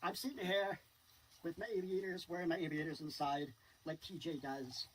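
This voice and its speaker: A man on a livestream call heckles and teases in a repetitive, sing-song manner. His voice sits a touch high and comes from a distant mic, with a faint hiss of noise underneath. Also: steady tone, moderate pace. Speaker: stream panel guest. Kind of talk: mocking banter on a livestream.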